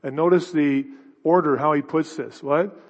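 Man preaching with lively restarts. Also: a little high, moderate pace. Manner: animated, conversational preaching with many restarts. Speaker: pastor. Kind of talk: expository sermon. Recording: dull hall reverb.

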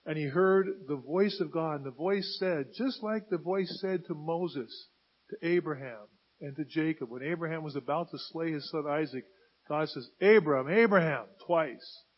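Husky high-voiced male preacher. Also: normal speed, highs cut off. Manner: emphatic, rising to loud stressed bursts. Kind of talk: sermon.

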